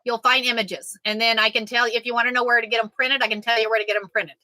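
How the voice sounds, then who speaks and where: Lady quilter chatting away, real bright voice, kinda high, super dry close sound. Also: level tone, quick pace, no echo, low-quality recording. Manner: chatty, jokey, reads out sayings and answers viewers. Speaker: quilting vlogger. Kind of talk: casual live chat.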